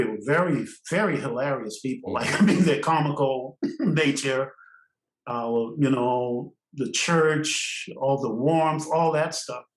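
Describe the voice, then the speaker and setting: An older man from Trinidad, a podcast guest, telling stories in an animated way and laughing often between phrases. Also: on the high side, echoey room, poor audio. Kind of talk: storytelling interview.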